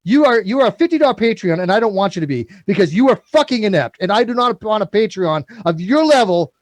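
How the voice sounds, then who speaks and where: A man's voice: high voice, big pitch swings, fast, no room sound. A man hosting a live call-in debate, confrontational and swearing, hammering the same demand over and over. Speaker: host of a call-in debate stream.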